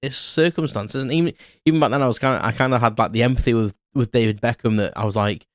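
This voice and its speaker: A man's voice: mid-range voice, racing, no echo, clean studio sound. A British man in his thirties, hosting a podcast and telling an unscripted story in a rambling way with restarts. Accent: British English. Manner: rambling, many restarts and fillers. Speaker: podcast host. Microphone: close podcast mic.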